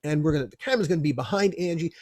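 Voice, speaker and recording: A man, a film producer guest, telling a lively anecdote in an expressive way and often restarting his phrases. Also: a little high, racing, dry recording, studio quality.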